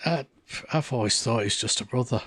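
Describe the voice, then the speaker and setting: A man's voice: mid-range voice, fairly quick, fairly bright tone, no room sound. A man co-hosting a live podcast, dropping in dry, brief remarks. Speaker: co-host. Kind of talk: casual chat on a live podcast.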